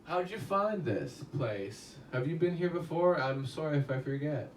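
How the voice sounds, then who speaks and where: A man's voice: a little high, expressive, moderate pace. Rambling man reviewing a film in an echoey room. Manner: rambling and chatty, swears casually, addresses chat directly. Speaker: movie reviewer and live streamer. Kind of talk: casual live-stream movie review. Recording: roomy echo, mic at a distance, faint background hum.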